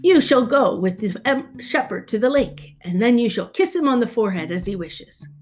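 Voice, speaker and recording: A fatherly emperor reassures his daughter in a firm storybook voice, as a woman puts him on. The pitch sits somewhat high. Gentle guitar plays behind. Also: lively intonation, normal speed, lightly acted. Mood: reassuring.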